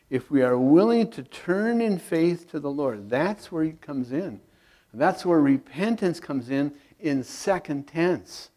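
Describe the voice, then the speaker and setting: A man preaching as a pastor, reading scripture aloud and then explaining it in slow, plain words, clearing his throat now and then. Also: on the high side, dark tone. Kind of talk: sermon Bible teaching.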